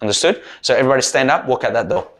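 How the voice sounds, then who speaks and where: A man, a mental performance coach giving a rousing team talk and leading loud chants. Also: mid-range voice, animated, racing.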